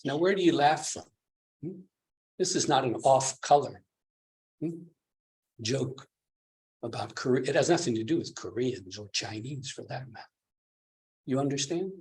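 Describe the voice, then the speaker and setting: Male retreat teacher, dharma talk, chuckling, mid-pitched, keeps checking in with listeners. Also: animated, measured pace, pauses often, darkish tone. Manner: chuckling, keeps asking the listeners "do you see?".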